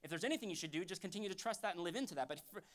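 A pastor delivering a sermon in church, talking conversationally and fervently, dropping to a hush and then rising loud again. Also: male voice, high voice, racing. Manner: fervent, conversational preaching that swings from hushed to loud.

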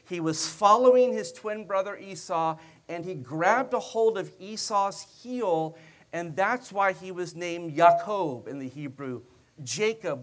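A man preaching a sermon in a high voice, retelling the story in a relaxed, conversational way. He slips joking asides in among the narration and talks to his listeners as if chatting with them.

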